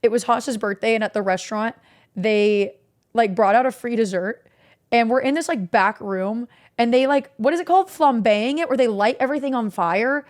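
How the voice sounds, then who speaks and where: A young woman streamer casually recapping stories to her chat, animated and swearing freely. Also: on the high side, normal speed.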